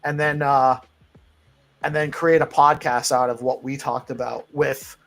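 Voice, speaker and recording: A man's voice: mid-range voice, fairly even intonation, measured pace, vocal fry. Rambling eager male stream host. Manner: rambling, many restarts, eager. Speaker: show host. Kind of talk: casual live-stream chat.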